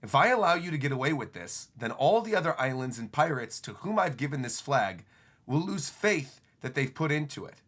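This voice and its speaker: A man doing a grave, low-voiced pirate emperor. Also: sing-song, brisk, fairly bright tone. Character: stern commanding male pirate emperor.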